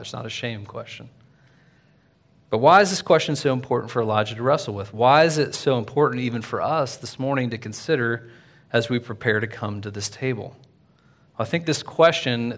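A man preaching a sermon in a casual, conversational way, full of fillers and "right?", swinging from loud and lively to quiet. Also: medium pitch, brisk. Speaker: pastor.

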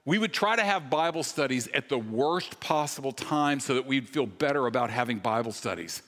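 Animated male pastor in a ringing hall. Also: mid-range voice. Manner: animated, self-deprecating, quick bursts of humor. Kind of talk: sermon. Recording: long reverb of a large hall.

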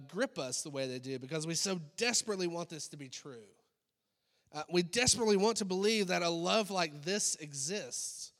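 A man preaching a sermon as pastor, talking in a relaxed conversational way with lots of ums and uhs. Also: fairly high pitch. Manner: conversational preaching with many fillers. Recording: long echoey hall reverb.

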